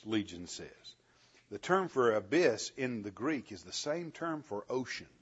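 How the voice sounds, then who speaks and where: Animated man teaching a Bible class. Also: medium pitch, a little slow, slightly rough, highs cut off. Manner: animated, asks the class questions, chuckles often.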